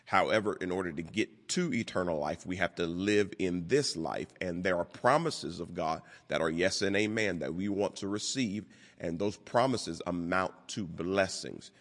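Deep-voiced preacher in a reverberant hall. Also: male voice, fairly bright tone. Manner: deliberate, repeats key words for emphasis. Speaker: pastor. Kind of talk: sermon.

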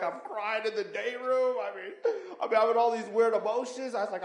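Animated man preaching his testimony, echoey hall. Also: high-pitched, fairly quick. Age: 30s. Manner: street slang, animated storytelling with acted quotes. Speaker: testimony speaker.

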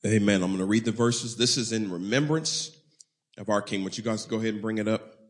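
A male pastor delivers a sermon at a brisk clip in a fairly low voice, erupting now and then into loud shouts. He mixes in folksy humor and leads his congregation through call-and-response.

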